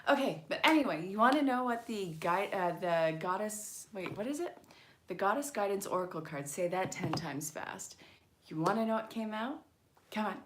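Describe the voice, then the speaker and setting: A woman chatting excitedly on a live stream as an angel card reader, talking to her viewers and laughing often. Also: mid-range voice, normal speed, a little hiss or hum. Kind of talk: casual live-stream chat.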